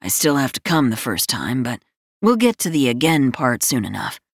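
A woman's voice: big pitch swings, moderate pace, no echo, clean studio sound, full character voice. Woman doing a cocky teasing young man. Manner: smirking, teasing, lowered voice. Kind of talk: audiobook character voice.

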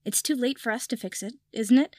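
A woman's voice: a little high, a little fast, no room sound, studio quality, lightly acted. A woman reading aloud voices a tipsy, foul-mouthed young witch who talks bluntly. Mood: bitter. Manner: swears freely, blunt. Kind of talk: audiobook fan fiction reading.

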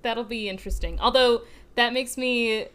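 A woman's voice: a little high, fairly even intonation, normal speed, a bit bright. A young woman co-hosting a podcast in casual chat, chatty and giggly, often laughing at herself. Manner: giggly, chatty, self-deprecating. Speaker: podcast co-host.

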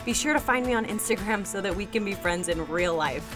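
A woman's voice: medium pitch, expressive, brisk. A woman podcast host giving a bubbly, emphatic outro. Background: music.

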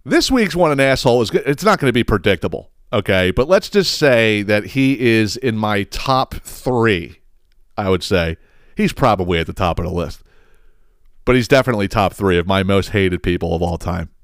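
A man hosting his own podcast, telling a story in a casual, profane and animated way, acting out the quotes. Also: on the low side, normal speed, clear, resonant tone, dry recording, studio quality. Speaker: podcast host.

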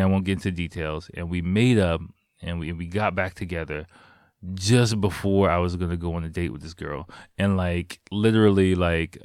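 A man with a very low voice tells a personal story in a loose, rambling way. He swears freely and fills his talk with "like" and "you know." The sound is dry and close. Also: dry recording. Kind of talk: casual storytelling.

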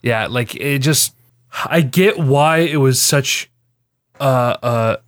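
A tired man on a gaming podcast, speaking in a middle-pitched voice into a close, dry mic. He grumbles and mocks things sarcastically, with the odd swear thrown in. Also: slow, no room sound. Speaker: podcast co-host. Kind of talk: casual gaming podcast chat.

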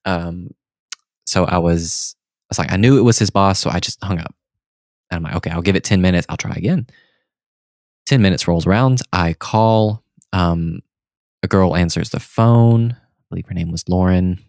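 A young man co-hosting a podcast in casual chat, telling a story with lively acted-out quotes. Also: low-pitched, normal speed, no echo, studio quality. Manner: animated storyteller who acts out the people in his stories. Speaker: podcast co-host.

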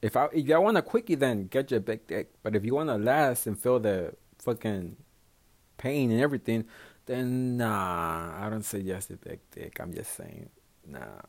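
Young man, casual solo podcast, profane, self-mocking, very animated pitch. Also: moderate pace. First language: Spanish. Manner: profane, rambling, self-mocking, laughs a lot. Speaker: podcast host.

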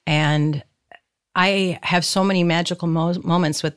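Middle-aged woman, guest storyteller, animated delivery, voices quoted people. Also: lowish voice, measured pace, clear, resonant tone, no room sound, clean studio sound. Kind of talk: storytelling in a podcast conversation.

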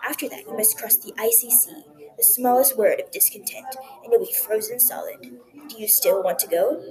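A woman's voice: a little high, normal speed, a crowd in the background, lightly acted. A woman voicing a kindly, weathered old woman who talks in a folksy way and calls the boy dearie.

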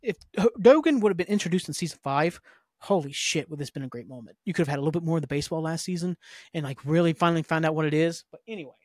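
A man's voice: fairly high pitch, rapid-fire, no echo, studio quality. A man hosting a podcast, casually recapping a TV episode in a rambling way, with many fillers. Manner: rambling, filler-heavy storytelling. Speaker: podcast host.

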